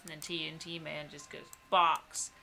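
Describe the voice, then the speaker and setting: A woman's voice: deep voice, little pitch movement, moderate pace, gravelly, noisy background. A woman co-hosting a casual gaming stream, reading viewer comments aloud and swearing casually. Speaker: co-host reading chat. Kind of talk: casual chat while gaming.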